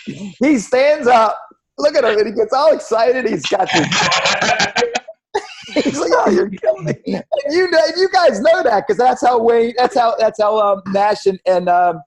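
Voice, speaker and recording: A man's voice: extremely high pitch, expressive, unhurried. A man hosting a radio talk show, joking and rambling with frequent restarts. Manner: rambling, jokey, stumbles and restarts. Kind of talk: casual chat.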